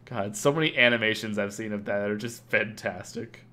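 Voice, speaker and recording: A man's voice: lowish voice, fairly quick, bright, forceful tone. A young man chatting casually and joking on a live gaming stream. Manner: joking, laughs often.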